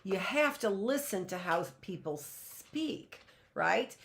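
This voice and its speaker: A middle-aged woman teaching an early reading lesson, chatty and direct, sounding out words slowly. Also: medium pitch, animated, gravelly. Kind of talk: online classroom lesson.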